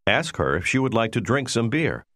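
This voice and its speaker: A man narrating a language course in a scripted, instructional way, giving clear, measured prompts. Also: medium pitch, very animated, fairly bright tone, no echo, clean studio sound.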